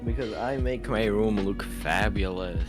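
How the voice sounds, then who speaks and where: A man's voice: fairly low pitch, measured pace, music in the background. A teenage man co-hosting a casual podcast, rambling and giggling with lots of fillers on a home microphone. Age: teens. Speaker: podcast co-host. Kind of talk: casual chat.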